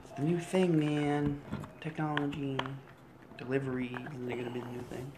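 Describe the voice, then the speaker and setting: A man's voice: on the high side, little pitch movement, moderate pace, music in the background. A man in casual chat who talks loosely, swears freely and slips into mock voices when he retells things.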